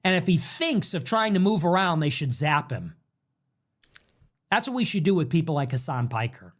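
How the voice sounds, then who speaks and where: A man rants heatedly in a played clip. His pitch sits fairly high and swings widely. He hammers his points with forceful repetition. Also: very animated, normal speed. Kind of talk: political rant clip.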